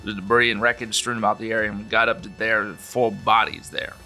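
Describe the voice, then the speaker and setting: A man playing a rural eyewitness who speaks in a put-on New Mexico drawl. He describes what he saw in a plain, halting way, with a bright, forceful tone. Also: fairly low pitch, flat delivery, soft background music. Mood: matter-of-fact. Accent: put-on New Mexico accent. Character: rural American man recounting a crash witness account. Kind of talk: read-out interview transcript.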